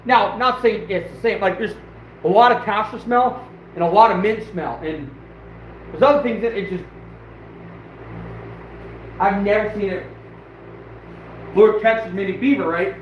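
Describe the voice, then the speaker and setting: Rambling high-voiced man, echoey and distant. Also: unhurried, long pauses. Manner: loose, rambling, with many fillers. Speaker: host of a live stream. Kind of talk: casual live chat. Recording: echoey room, picked up from a distance, slightly dull with faint noise.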